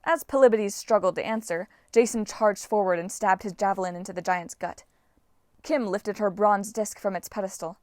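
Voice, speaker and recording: A woman reads a fantasy audiobook aloud in a steady, even storytelling manner. Her voice sits in a middle pitch. The recording is close and dry. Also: moderate pace, no echo. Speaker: audiobook narrator. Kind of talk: audiobook narration.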